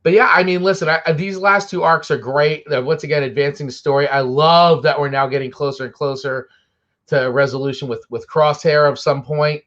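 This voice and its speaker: Eager fan co-host over dull lo-fi audio. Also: male voice, a little high, steady tone, fairly quick, a bit bright. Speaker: podcast co-host. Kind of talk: casual chat about TV shows.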